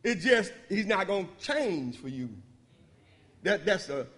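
High-voiced man preaching in an echoing hall. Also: sing-song, a little slow. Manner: emphatic call-and-response preaching, swinging from loud to hushed. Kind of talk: sermon. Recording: long hall reverb.

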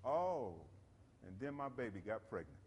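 A man's voice: mid-range voice, big pitch swings, normal speed, darkish tone, long reverb tail, slight background noise. A middle-aged man from South Carolina, preaching a sermon in a church with emphatic call-and-response.

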